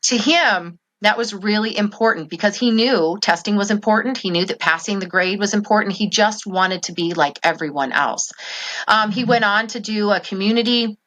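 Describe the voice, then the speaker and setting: A woman's voice: medium pitch, moderate pace, a bit bright. A middle-aged woman telling her story as an interview guest, earnest and heartfelt, with frequent ums. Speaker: guest, parent advocate.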